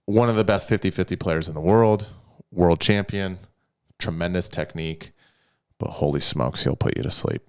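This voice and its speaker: A man's voice: deep voice, moderate pace, clear, resonant tone. A man co-hosting a podcast, talking casually and animatedly about matches, joking and rambling. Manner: animated, jokey, rambling storyteller. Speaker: podcast co-host. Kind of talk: casual chat.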